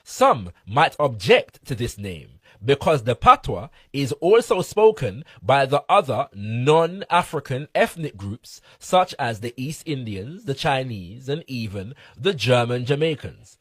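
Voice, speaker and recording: A man's voice: mid-range voice, very animated, unhurried, hardly any pauses, a bit bright, breathy edge, no room sound. A man reading a formal scholarly essay aloud with emphatic delivery. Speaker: reader.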